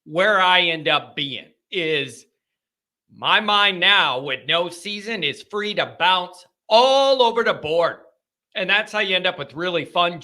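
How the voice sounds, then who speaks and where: A man with a high-pitched, sharp voice hosts a fan call-in show, chatting in a rambling, joking, conversational way with frequent restarts, like a casual solo podcast.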